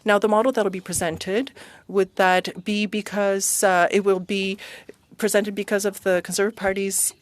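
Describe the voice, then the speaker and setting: A woman provides simultaneous interpretation at a parliamentary committee hearing, steady and even yet hesitating often. Her pitch is medium, her pace moderate, and there's no room sound.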